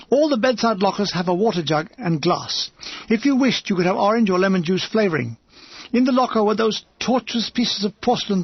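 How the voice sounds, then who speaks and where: A man's voice: high voice, husky, no room sound, muffled recording. A man reading a comic war memoir aloud as an audiobook narrator, with a wry, dryly comic delivery.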